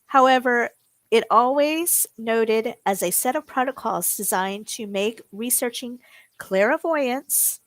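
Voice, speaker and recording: A woman's voice: mid-range voice, no room sound, low-quality recording. A woman co-hosting a podcast, reading prepared notes with small stumbles and self-corrections. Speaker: podcast co-host.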